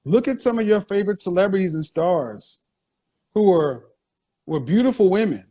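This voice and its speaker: A man's voice: high-pitched, animated, normal speed, mellow. A man hosting a live stream, lecturing and teasing his audience in a provocative, mocking way. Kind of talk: casual live-stream monologue. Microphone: phone.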